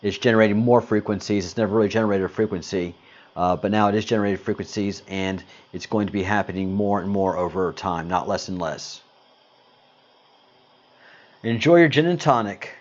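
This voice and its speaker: A man's voice: deep voice, little pitch movement, fast, muffled recording. A man hosting a casual livestream, greeting viewers and answering chat comments in a rambling, hesitant way with lots of fillers. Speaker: livestream host.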